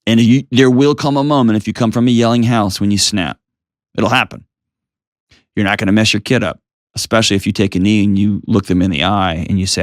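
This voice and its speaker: A middle-aged American man hosting an advice call-in show, talking in a calm, earnest coaching way full of rhetorical questions. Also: on the low side, fast talker, no room sound, clean studio sound. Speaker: host giving advice.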